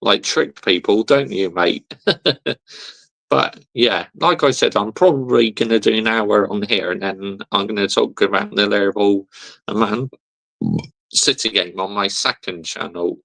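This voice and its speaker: A man's voice: fairly low pitch, unhurried, gravelly, fairly bright tone. A young man, hosting a casual football livestream, reading chat comments aloud, laughing often and answering with slang.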